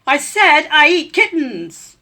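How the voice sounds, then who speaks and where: A woman voicing a boastful, hungry male rat who shouts his threats loudly, in a storybook reading. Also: high voice, sing-song, moderate pace, slightly rough, pitched above the performer's own voice, exaggerated voice. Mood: blustering. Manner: loud, blustering boasts.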